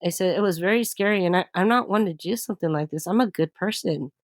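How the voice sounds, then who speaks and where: Woman guest telling her story, lively, laughs a lot, dry close sound. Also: on the low side, quick pace, dry recording. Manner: animated, laughs often while telling. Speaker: interview guest. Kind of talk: personal storytelling.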